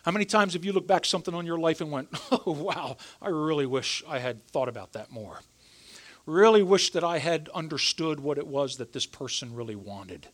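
A middle-aged male pastor delivers a sermon in a conversational, emphatic way. His voice sits high and swings widely in pitch, pushing up on key words and dropping low on quiet asides. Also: lively intonation, moderate pace. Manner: emphatic, conversational preaching with rising and falling emphasis.

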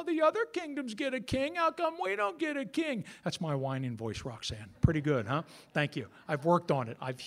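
In a church sanctuary, a middle-aged pastor preaches with a lively, bouncing delivery and a high-pitched, husky voice. He keeps the sermon conversational, turning aside to talk with the congregation.

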